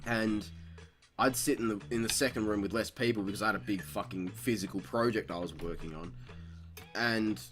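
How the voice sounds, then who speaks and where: A man's voice: fairly low pitch, moderate pace, over music. A young man tells a school story on a podcast, swearing freely and laughing often. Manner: profane, animated, laughs often. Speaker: podcast host. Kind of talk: casual storytelling.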